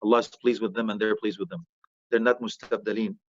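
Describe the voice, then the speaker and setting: A middle-aged man giving a lively sermon, joking and dropping in phrases. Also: on the low side, fast talker, no echo, dull audio. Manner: animated, joking, mixes Arabic phrases. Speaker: Islamic preacher.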